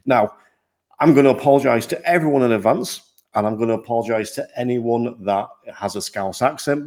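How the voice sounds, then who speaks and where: Upbeat man hosting a podcast. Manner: upbeat and self-deprecating, with lively jumps in pitch. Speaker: podcast host.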